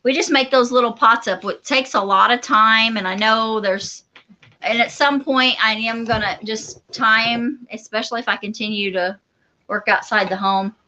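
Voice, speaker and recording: Bright, chatty homestead woman. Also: fairly high pitch, steady tone, moderate pace, low-quality recording. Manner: chatty, agreeable, chimes in often. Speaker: homestead livestream co-host. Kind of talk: casual live-stream chat.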